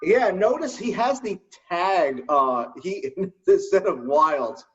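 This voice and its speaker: A man co-hosting a casual gaming chat, telling stories in an animated way and laughing often. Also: high voice, slow, recorded from a distance, lo-fi sound. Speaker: co-host.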